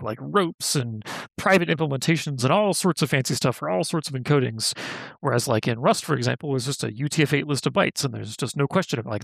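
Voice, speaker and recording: A man with a somewhat high, gravelly voice walks through a technical problem in a conversational interview. He thinks aloud, leaning on "like" and fixing his phrasing as he goes. The sound is dry and close. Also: no room sound. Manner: thinks aloud, lots of "like" and self-corrections. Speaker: guest software engineer.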